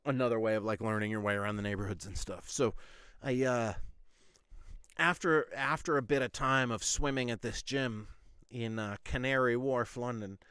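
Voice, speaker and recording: A podcast host tells a story in a rambling, casual way, peppering it with "like" and frequent swearing. His medium-pitched voice is fairly even, bright and clean, at a moderate pace, in a dry, clean studio recording.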